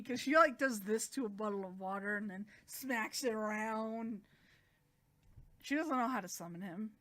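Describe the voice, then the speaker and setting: A woman chattily recapping manga chapters, animated and acting out the characters' lines as she goes. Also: medium pitch, normal speed. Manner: chatty, animated, acts out quotes. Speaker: manga reviewer.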